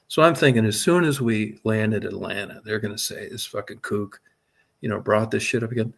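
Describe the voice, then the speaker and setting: A middle-aged man telling a long personal story in casual talk, swearing often and speaking with animated energy. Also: on the low side, fairly quick, creaky.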